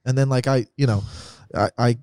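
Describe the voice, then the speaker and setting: A man's voice: mid-range voice, fairly even intonation, fairly quick, a little mellow, clear, resonant tone, no room sound, studio quality. A young adult man, a comedian guest, chatting in a laid-back, joking way. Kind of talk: casual chat.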